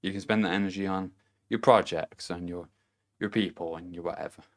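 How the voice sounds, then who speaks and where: A man's voice: sits low, steady tone, fairly quick. A man giving a casual motivational monologue to camera, blunt and profane, chuckling between his points. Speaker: vlogger.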